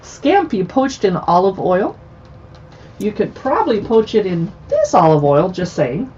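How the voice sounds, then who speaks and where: A woman's voice: mid-range voice, huge pitch swings, a little slow, warm tone, lo-fi sound, a little hiss or hum. A woman hosting a casual livestream chat, chatty and playful with joking asides. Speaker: livestream host.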